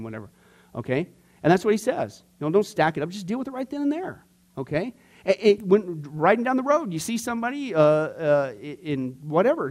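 Male pastor with a high voice, leading a small church class, chatty and animated, lots of asides. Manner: animated, talky, many asides and fillers. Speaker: pastor teaching a discipleship class. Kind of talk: conversational class teaching.

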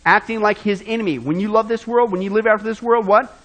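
A man preaching a sermon in a fairly high voice. He swings between loud, emphatic stretches and quiet, hushed asides as he addresses his congregation directly. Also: quick pace, hardly any pauses, rough recording. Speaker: pastor.

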